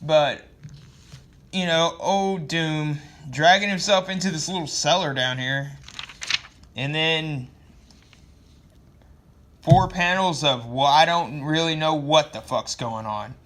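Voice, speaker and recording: A man giving a casual, rambling comic book review, sarcastic and quick to swear. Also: on the high side, background noise.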